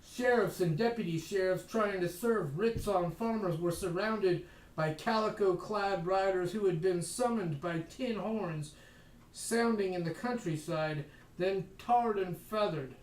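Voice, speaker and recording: A man with a high voice reads history aloud in a measured way, slowing on key phrases and adding dry asides of his own. He sits some way back from the microphone. The room is echoey. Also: a little mellow. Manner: measured reading, slows for emphasis, adds wry asides. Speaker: podcast host reading history aloud. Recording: echoey room, voice distant from mic.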